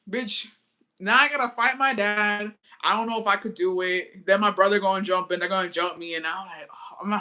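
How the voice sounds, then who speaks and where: A young adult storytime vlogger tells a family story casually and profanely, switching between English and Spanish and speaking straight to viewers in a chatty way. The voice is medium-pitched, quick, sharp, and fairly even in intonation, with a little hiss or hum in the background.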